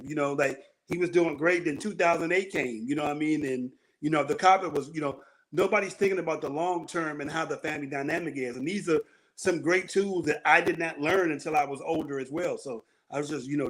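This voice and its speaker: A man with a slightly higher voice co-hosts a casual talk show. He speaks reflectively and conversationally, leaning on easy fillers. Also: a bit bright. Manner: reflective, conversational with many "you know" fillers. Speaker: co-host. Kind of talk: casual chat.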